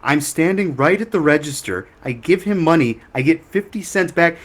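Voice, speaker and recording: A man's voice: on the high side, expressive, normal speed, few pauses. A man co-hosting a podcast, telling rambling anecdotes in casual chat and laughing often. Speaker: podcast co-host.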